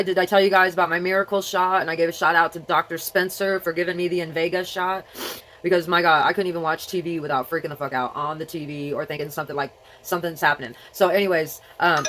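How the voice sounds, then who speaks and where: Woman vlogger, slightly low voice but childlike delivery, rambling casual home monologue. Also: poor audio. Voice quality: childlike way of speaking. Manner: rambling, jumps between topics.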